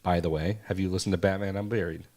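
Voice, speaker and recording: Lower-voiced man ranting on a podcast. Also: fast. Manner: joking, animated rants. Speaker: podcast co-host. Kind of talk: casual chat.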